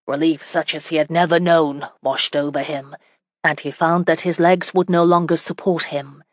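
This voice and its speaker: A woman narrating a historical romance audiobook in a steady, even reading. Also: deep voice, moderate pace, dry recording. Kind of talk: scripted narration.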